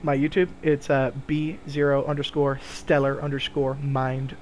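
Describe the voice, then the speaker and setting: A young man streaming a game, talking casually with loud, profane, laughing trash talk. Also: mid-range voice, little pitch movement, a little slow, slight background noise. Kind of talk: casual gaming stream commentary.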